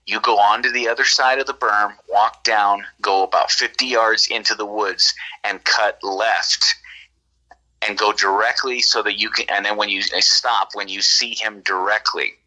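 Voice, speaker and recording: Casting: man from California, lower-pitched but very bright and forceful, rambling anecdote with acted-out quotes. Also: normal speed, poor audio. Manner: rambling, animated, acts out quoted dialogue. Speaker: guest telling an encounter story. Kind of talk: casual storytelling on a podcast.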